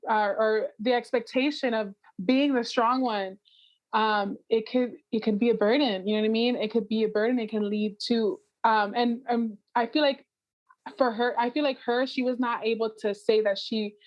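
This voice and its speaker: A woman's voice: fairly high pitch, steady tone, normal speed, highs cut off. A woman co-hosting a podcast, talking in a reflective, casual way, full of "you know what I mean.". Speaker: podcast co-host. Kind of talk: casual chat.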